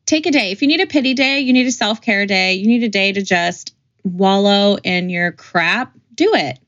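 A woman co-hosting a podcast in casual chat, upbeat and quick to joke. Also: medium pitch, a bit bright, no echo, dull audio. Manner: upbeat, quick joking interjections. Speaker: podcast co-host.

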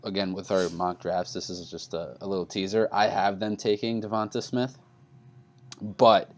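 A man from New York in a casual sports chat as a podcast co-host, talking animatedly, with his voice jumping up when he argues. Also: normal speed. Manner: animated, pitch jumps up when arguing.

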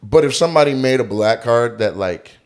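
A man co-hosting a podcast, chatting casually and telling stories in an animated, joking, profane way. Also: medium pitch, brisk. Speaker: podcast co-host.

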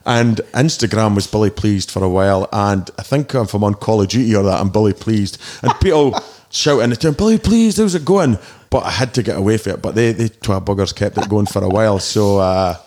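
A man's voice: fairly low pitch, fairly quick. Scottish man telling rambling stories. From Scotland. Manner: rambling, animated anecdotes with mimicked shouts. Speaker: DJ guest. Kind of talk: casual interview storytelling.

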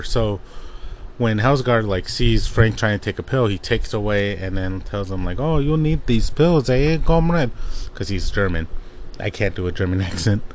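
A man's voice: lowish voice, a little hiss or hum. A man casually recapping a comic book plot, rambling with lots of fillers and restarts.

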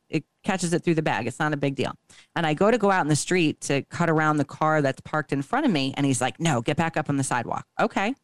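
A woman's voice: deep voice, no room sound. A woman co-hosting a podcast, telling a long story in a casual, profane way and acting out each line of dialogue. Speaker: podcast co-host.

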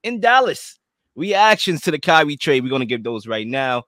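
A man's voice: medium pitch, lively intonation, fairly quick, a bit bright, no echo, studio quality. A man hosting a sports talk show, hyping up segments like a showman. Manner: hype, showman-like.

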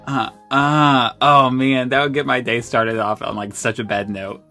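A man from the United States co-hosts a casual podcast, spinning animated, self-deprecating stories in an easygoing conversation. His voice sits in a middle pitch, with faint music in the background. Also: unhurried. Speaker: podcast co-host. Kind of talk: casual storytelling chat.

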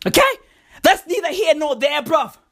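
A woman from South Africa with a South African accent, delivering a hyper-energetic, slang-heavy, profane comedic rant monologue and repeating her phrases. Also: sits high, normal speed.

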